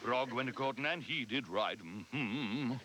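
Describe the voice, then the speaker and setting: Sitcom talking frog, male, British, lonely and hammy; lively pitch, heavy tape hiss. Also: moderate pace. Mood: crooning. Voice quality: crooning, theatrical delivery. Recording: noisy VHS tape of a TV broadcast.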